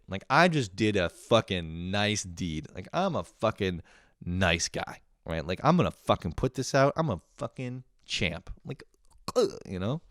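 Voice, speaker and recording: A man's voice: lowish voice, very animated, a little slow, fairly bright tone, dry recording, studio quality. A young man hosting a podcast, telling a profane comedic story and acting out family members in shifting voices. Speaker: podcast host.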